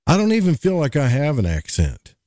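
A man's voice: fairly high pitch, wildly swooping pitch, brisk, warm tone, dry recording, clean studio sound. A man, co-hosting a podcast in casual, rambling chat with jokes. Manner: folksy, rambling, jokey. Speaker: podcast co-host.

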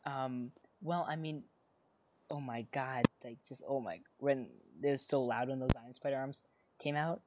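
Here is an excitable podcast co-host in a loose, casual chat. The speaker rambles, restarting sentences and stacking up fillers along the way. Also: mid-range voice, moderate pace, noisy background.

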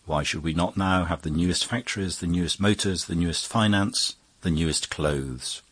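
A man's voice: low voice, moderate pace, fairly bright tone, husky, dry recording. A man voicing a grave young Italian futurist who talks with earnest, declaiming conviction.

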